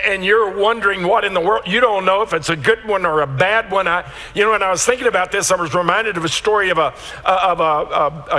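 Bright, high-voiced pastor preaching in a hall. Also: male voice. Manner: storytelling, animated with repeated restarts. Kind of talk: sermon.

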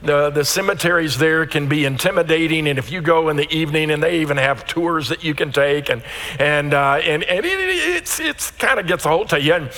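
A man preaches in a church sanctuary with a long, ringing reverb trailing behind his words. His voice sits high and bright, and he tells stories with many quick restarts and repeated words. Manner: storytelling, animated with repeated restarts. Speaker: pastor. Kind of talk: sermon.

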